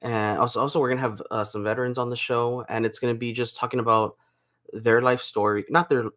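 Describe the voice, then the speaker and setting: A man's voice: medium pitch, flat delivery, brisk, a bit bright. A young man chatting casually to camera in a home vlog, rambling with restarts while feeling unwell with a sore throat. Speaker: vlogger.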